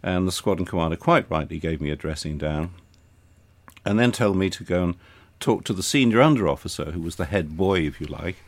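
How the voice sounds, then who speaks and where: An older retired air force officer recalls his early years in an interview. His voice is very low and dry in tone, and his telling is anecdotal and gently wry. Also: animated, a little fast, no echo. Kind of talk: reminiscing in conversation.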